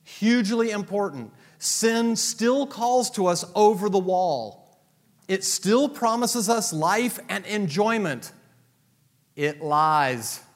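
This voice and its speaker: A man's voice: lively intonation, slow pace. Emphatic male preacher in a reverberant hall. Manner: emphatic, swings from loud declarations to low asides. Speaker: pastor. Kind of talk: sermon. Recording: long reverb of a large hall.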